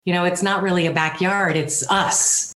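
A woman's voice: lowish voice, steady tone, moderate pace, a bit bright, echoey room. A woman speaking as an interview guest, earnest and rambling, with self-deprecating humor. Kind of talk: candid personal interview.

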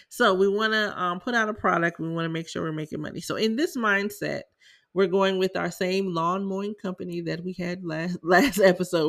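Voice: medium pitch, a bit bright. A host from South Carolina with a Southern accent, chatting casually and laughing often while explaining business money matters to listeners. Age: adult parent. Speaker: podcast host. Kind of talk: casual teaching talk on small business finances.

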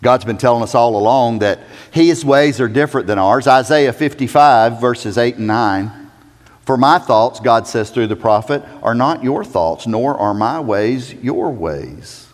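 A male pastor preaching with a lively, wide-ranging pitch, dropping to a hush and then rising to near shouts. His voice rings out with a long reverb, as in a church sanctuary. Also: unhurried. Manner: dramatic, swings from loud to hushed. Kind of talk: sermon.

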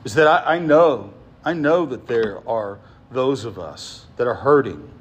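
A man preaching a sermon as pastor, swinging from emphatic lines to soft, hushed ones and often asking his listeners "right?". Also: mid-range voice, animated, measured pace, slightly rough.

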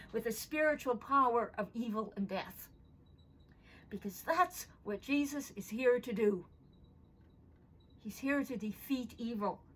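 Husky-voiced woman pastor preaching. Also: on the high side, a bit bright, poor audio. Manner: earnest, emphatic, repeats phrases for stress. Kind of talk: sermon.

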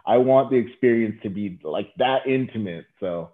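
A man calls in to a podcast, his lowish voice squeezed into a tinny, phone-like band. He talks earnestly and gushes about what he cares about, then pokes fun at himself with a laugh. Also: normal speed. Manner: earnest, gushing, self-deprecating. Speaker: podcast guest, company president. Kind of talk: casual podcast chat. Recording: tinny phone-line call.

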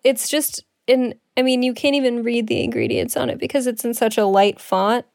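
A woman's voice: on the high side, normal speed, gravelly, darkish tone, dry recording. Chatty young woman, dry close sound. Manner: chatty, self-deprecating, laughs often. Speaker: podcast co-host. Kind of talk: casual chat reviewing products.

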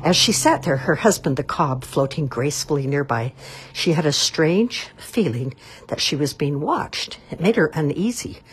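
A woman reading a children's novel aloud in an expressive, measured way. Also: deep voice, a little hiss or hum. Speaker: storyteller.

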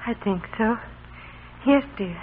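An actress playing a gentle, tender young mother who is weak and dying, speaking softly. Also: on the high side, lively intonation, slow pace, slight background noise. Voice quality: soft, fading. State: weak and ill. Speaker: actress in an old film. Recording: tinny old film soundtrack with music.

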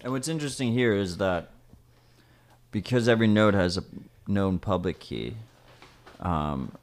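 Male podcast co-host, low voice, casual explainer, conversational. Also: lively intonation, unhurried. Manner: chatty, explains with "like" and "right?". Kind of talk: casual chat.

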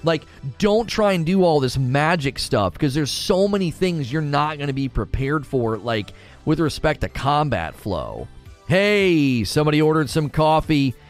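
A man chatting casually on a livestream, animated, ranting and laughing often. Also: a little high, unhurried, soft background music. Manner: animated, rants and laughs a lot. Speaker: streamer.

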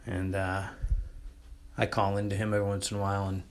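A man's voice: low voice, completely flat delivery, fairly quick, slight background noise. A man hosting a podcast, telling rambling, profane stories in a casual way. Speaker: podcast host. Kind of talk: casual storytelling.

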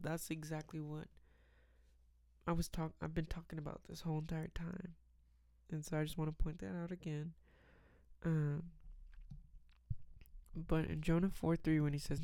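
A man giving a casual, rambling Bible reflection, reading verses aloud and filling pauses with "um" and "like.". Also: on the high side, creaky, a little mellow, dry recording, studio quality. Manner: rambling, many fillers, reads scripture aloud.

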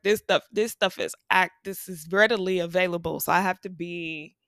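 A woman in her thirties hosts her own show and tells stories casually, laughing often and drawing out her repeats. Her voice sits at a medium pitch and sounds close and dry. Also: fairly bright tone, smooth, no room sound. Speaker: podcast host and teacher. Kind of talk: casual storytelling monologue.

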